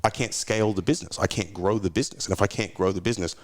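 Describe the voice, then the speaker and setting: Casting note: man, fast and low-pitched, lively storyteller who acts out quoted voices. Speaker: podcast guest, businessman. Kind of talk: casual podcast conversation.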